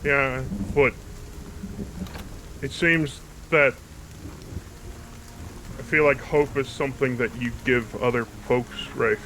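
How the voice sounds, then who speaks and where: A man's voice: mid-range voice, fairly even intonation, slow, pauses often, pushed and bright, slight background noise, low-quality recording. A man playing a tabletop game in character, speaking bluntly and swearing often. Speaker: player. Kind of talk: in-character tabletop role-play.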